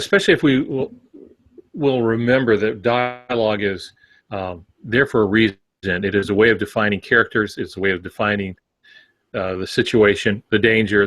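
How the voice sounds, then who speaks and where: A man with a fairly low voice co-hosts a writing podcast and works through his points in long, rambling turns. The sound is dry and close, with no room around him. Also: fairly bright tone, husky, no echo. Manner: rambling, filler-heavy explanations. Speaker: podcast co-host. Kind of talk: casual discussion.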